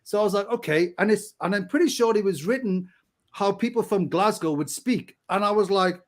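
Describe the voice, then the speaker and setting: A man with a Barnsley accent from Yorkshire, co-hosting a podcast in casual chat, telling animated stories with frequent laughs and stumbles. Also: sits high, fairly quick. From England. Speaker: podcast co-host.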